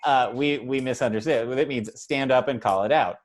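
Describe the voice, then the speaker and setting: A man's voice: medium pitch, normal speed. A man hosting a panel show over a video call, talking casually with many uhs, stammers and restarts. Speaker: host.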